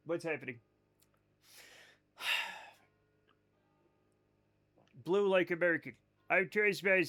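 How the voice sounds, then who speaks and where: High-voiced joking male streamer. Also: a bit bright. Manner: rambling, joking, playfully self-mocking. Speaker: live streamer. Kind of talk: casual gameplay chat with viewers.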